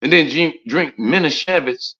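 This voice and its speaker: A man's voice: on the high side, normal speed, bright, forceful tone. A man giving an informal preaching talk in streetwise slang, firing off rhetorical questions. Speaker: religious speaker. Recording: muffled lo-fi recording with roomy echo.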